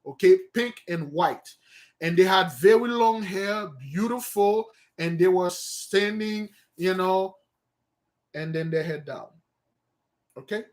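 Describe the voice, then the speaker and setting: A man with a high voice leads an unhurried, informal study session. He talks his way through the text at a slow pace, thinking aloud and often stopping to correct himself. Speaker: study host.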